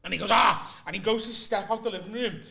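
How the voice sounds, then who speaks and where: A man, a guest comedian telling an animated anecdote in casual chat and swearing freely. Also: sits high, very fast, creaky.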